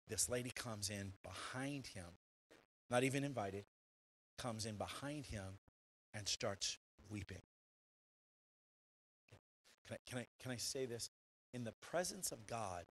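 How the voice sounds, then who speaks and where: A male pastor preaching a sermon in a church, animated and conversational, full of rhetorical questions and quick restarts. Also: on the low side, a little hiss or hum, poor audio. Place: church sanctuary.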